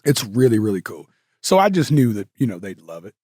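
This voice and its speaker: A man's voice: lowish voice, very animated, brisk, darkish tone, husky, no room sound, studio quality. A male guest telling stories in a casual interview, rambling with many fillers and restarts. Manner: rambling, filler-heavy, with self-corrections.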